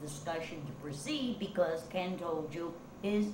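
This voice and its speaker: A woman's voice: fairly low pitch, animated, unhurried. A woman board member at a public town meeting, insistently pressing her motion. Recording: distant echoey noisy meeting room recording.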